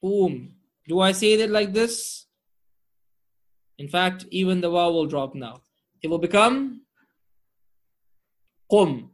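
A man's voice: high voice, lively intonation, slow, pauses often. A man teaching Arabic grammar online, drilling word forms and checking in with his students often.

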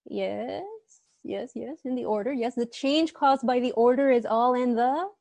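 A woman's voice: a little high, unhurried, gravelly, a little mellow, no echo. Apologetic young woman tutoring online. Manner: apologetic, hesitant explaining. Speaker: teaching assistant.

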